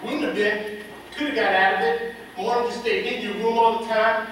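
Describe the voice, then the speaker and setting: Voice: mid-range voice, fairly even intonation, moderate pace, fairly bright tone, lightly acted. An actor playing a brooding menacing farmhand. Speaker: stage actor. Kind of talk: amateur stage musical acting. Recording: echoey stage hall, far-off mic, faint noise.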